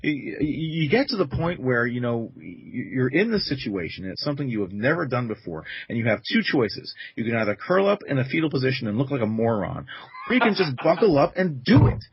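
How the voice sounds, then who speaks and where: Fast, lively man on lo-fi audio. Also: medium pitch, husky. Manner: lively, rapid talker with stammered restarts. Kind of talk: casual podcast chat. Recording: lo-fi audio with crowd noise behind.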